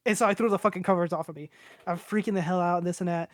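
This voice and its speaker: This young man's voice sits high and moves very fast, with fairly even intonation, captured dry and clean in a studio. On a podcast he rambles through a lengthy personal tale, profanity flowing freely as he acts out what everyone said.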